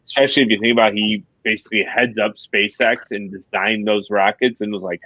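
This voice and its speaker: A man's voice: on the low side, steady tone, brisk, sharp tone, no echo. A man from New York guesting on a fishing podcast, rambling through stories in a thoughtful way. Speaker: guest angler. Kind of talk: casual podcast chat. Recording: dull dry lo-fi audio.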